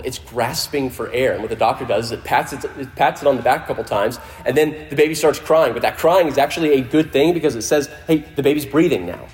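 A man preaching a sermon to a congregation in a conversational way, often restarting phrases and dropping his voice low for emphasis. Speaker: pastor. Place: church in front of a congregation.

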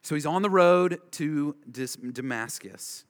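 A man's voice: fairly high pitch, unhurried. A man preaching an expository sermon as a preacher, emphatic and driving home his points with repeated short phrases. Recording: long reverb of a large hall.

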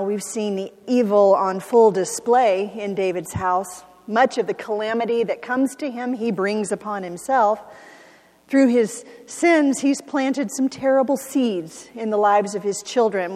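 A woman's voice: medium pitch, darkish tone, in a large hall. Woman pastor preaching in a resonant church. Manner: reflective, earnest preaching. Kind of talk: sermon. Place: church sanctuary.

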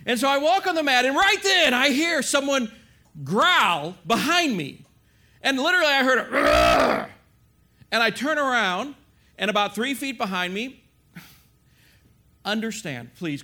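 A man preaching in an animated, confessional storytelling way, often checking in with his listeners. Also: high-pitched. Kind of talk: storytelling sermon.

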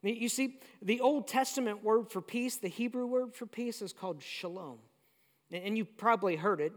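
A pastor preaching a sermon in a conversational, storytelling way. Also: mid-range voice. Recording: long hall reverb.

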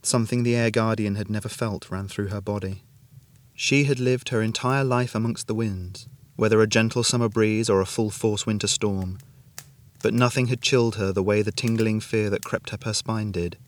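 A man reading a fantasy story aloud as narrator, in a steady, measured way. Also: lowish voice. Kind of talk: scripted narration.

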